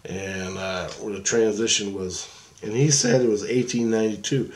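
Lowish-voiced man rambling through a story. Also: steady tone, normal speed. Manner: rambling, profane, with many restarts. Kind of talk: casual dream storytelling.

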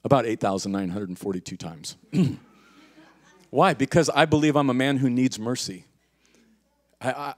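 A middle-aged male pastor preaching a sermon, telling stories in casual slang and swinging from hushed to loud. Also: medium pitch. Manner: casual slang, says "man" often.

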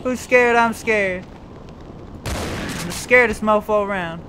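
A man's voice: sits high, unhurried, noisy background. A man commenting on a video game as he plays, talking to himself, swearing and yelping when startled. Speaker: gameplay commentator. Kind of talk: let's play commentary.

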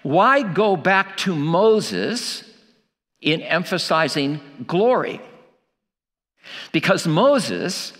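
A male preacher delivering a sermon with a lively, rising and falling voice pitched a little high. He presses his points with rhetorical questions and repeats key lines. His voice rings with the long reverb of a church hall.

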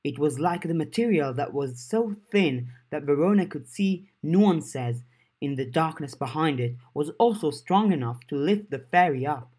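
Slow, measured audiobook narrator, a man. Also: a little high, slightly rough. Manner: measured, even storytelling. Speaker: audiobook reader.

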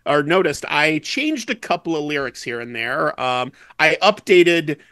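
Brief: male podcast guest, light high-ish voice, dry close sound, jokey and rambling. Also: lively intonation, bright, forceful tone, no echo. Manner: chatty, joking, quick digressions. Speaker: guest musician. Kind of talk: casual podcast chat.

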